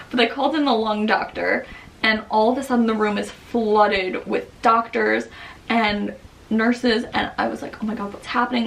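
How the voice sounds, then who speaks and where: Chatty Long Island woman, gravelly edge. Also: medium pitch, fairly bright tone, distant mic, slight background noise, rough recording. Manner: chatty, many "like"s, quotes others in quick bursts. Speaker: vlogger. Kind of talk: casual storytelling to camera.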